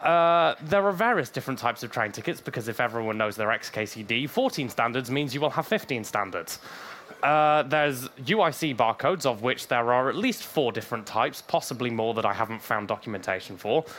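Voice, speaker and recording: A hoarse man from Wales, giving a technical conference talk with dry humorous asides. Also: mid-range voice, expressive, brisk, a bit bright, slight background noise. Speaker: conference speaker.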